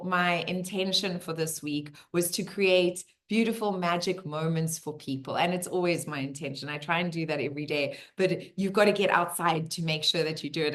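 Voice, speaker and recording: A woman's voice: lowish voice, moderate pace, few pauses. A middle-aged woman, teaching and telling stories in a casual community Q&A, acting out the voices she quotes. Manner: animated storyteller who acts out the voices she quotes.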